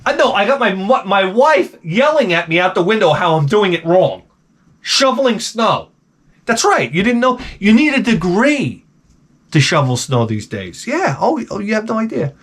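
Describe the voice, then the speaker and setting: A man's voice: high voice, sing-song, normal speed, fairly bright tone. A man ranting sarcastically while giving comedic advice, swearing a lot and sounding exasperated. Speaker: advice vlogger.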